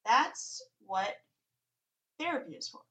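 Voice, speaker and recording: A woman's voice: on the high side, animated, takes it slowly, pushed and bright, low-quality recording. A woman co-hosting a casual podcast, speaking bluntly and outspokenly and swearing casually. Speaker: podcast co-host.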